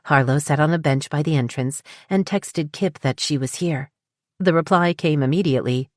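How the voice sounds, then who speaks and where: A woman narrating a romance novel with even, measured storytelling in a close studio recording. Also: sits low, no echo. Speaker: audiobook narrator. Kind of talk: scripted narration.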